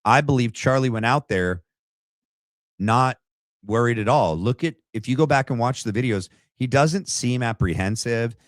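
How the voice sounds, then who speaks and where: Guy hosting a livestream, opinionated and chatty, mid pitch, dry close sound. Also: animated, normal speed, no echo. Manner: opinionated and conversational, thinks aloud. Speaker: podcast host. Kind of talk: livestream commentary reading viewer chat.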